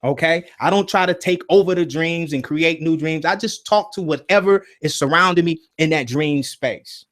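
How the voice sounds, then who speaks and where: A man hosting a casual spiritual talk, telling stories in an animated way and often checking in with "right?" and "you see?". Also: fairly high pitch, normal speed, hardly any pauses. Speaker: host.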